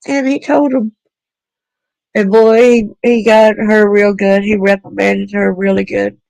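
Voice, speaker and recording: A woman talks earnestly and plainly to other parents, her voice gravelly with a lot of vocal fry. The recording is dry and close. She pauses on fillers and restarts her sentences as she goes. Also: medium pitch, flat delivery, darkish tone, no room sound, rough recording. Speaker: parent speaking on child protection. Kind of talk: personal talk to parents.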